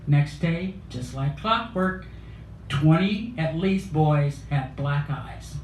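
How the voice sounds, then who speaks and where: A woman tells a wry, comic story at a cafe open mic. Her intonation swings widely and her delivery is slow. The room adds echo. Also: deep voice, expressive. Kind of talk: humorous spoken-word storytelling. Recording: roomy cafe room, faint noise.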